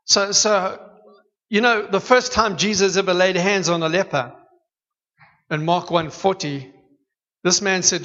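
A man preaching a sermon in a church hall, telling stories with lively humor. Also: high-pitched, a little slow, pauses often. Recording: dull echoey hall recording.

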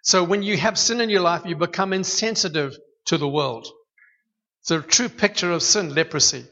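A man preaching a sermon in a church hall, telling stories with lively humor. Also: high-pitched, normal speed. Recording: dull echoey hall recording.

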